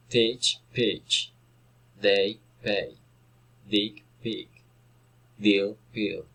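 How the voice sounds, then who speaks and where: A man with a low voice reads English practice words and sentences one by one. He is a Spanish speaker, taking each item slowly and with care. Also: a bit bright, slightly rough, rough recording. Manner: slow, careful, deliberate reading of word pairs and sentences. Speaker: language student. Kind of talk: reading pronunciation drills aloud.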